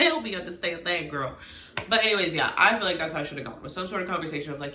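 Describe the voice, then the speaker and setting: Woman host, bright and forceful, lively and exclaiming, casual recap chat, roomy echo. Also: fairly low pitch, racing, slight background noise. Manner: animated, exclaiming, talks to viewers as "girl" and "y'all". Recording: echoey room.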